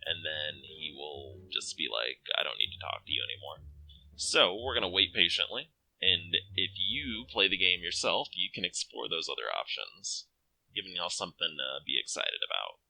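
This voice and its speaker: A young man hosting a let's play, reading a dating game aloud and joking with lively commentary and casual swearing. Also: sits low, normal speed, gravelly, no echo, rough recording. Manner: animated, joking, swears freely.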